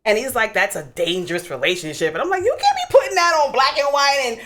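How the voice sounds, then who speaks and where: A woman hosting a call-in radio talk show, outspoken and animated, with lots of casual fillers. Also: high voice, fast talker.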